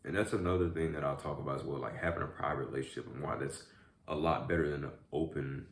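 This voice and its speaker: Young guy, deep low voice, laid back rambly chat, lots of "y'all", echoey room. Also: fairly even intonation, fast, a little hiss or hum. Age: young adult. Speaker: YouTube vlogger. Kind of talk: casual mukbang chat.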